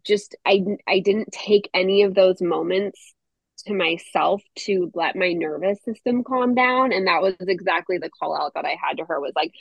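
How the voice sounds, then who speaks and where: Mother on a podcast, reflective, lowish voice, muffled dry sound. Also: normal speed, vocal fry, slightly rough, dry recording. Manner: earnest, reflective, laughs easily. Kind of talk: casual podcast conversation.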